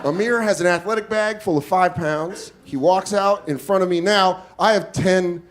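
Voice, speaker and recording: A man's voice: high-pitched, moderate pace. A man in his forties telling a profane, self-deprecating story on a comedy club stage, acting out the voices of others. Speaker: stand-up comedian. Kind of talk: stand-up storytelling. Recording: loud crowd laughter and noise.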